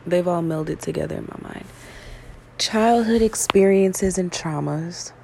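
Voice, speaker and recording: A woman's voice: fairly low pitch, unhurried, gravelly, a little mellow, a little hiss or hum. A woman vlogging in a casual, rambling monologue, frank and swearing freely, while getting over an illness with yawns and coughs. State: recovering from illness, yawning and coughing. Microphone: self-recorded.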